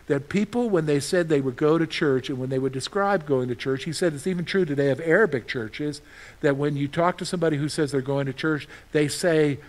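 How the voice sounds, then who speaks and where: A male pastor gives a conversational sermon in a fairly high voice. He throws questions at his listeners and answers them himself. His stories turn animated, with loud bursts of exclamation. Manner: animated storytelling with sudden loud outbursts.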